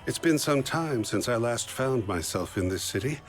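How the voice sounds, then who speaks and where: An actor playing a suave, lecherous gentleman with a fake French accent, who speaks in a slow, smooth, indulgent way. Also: mid-range voice, animated, faint music behind, natural voice.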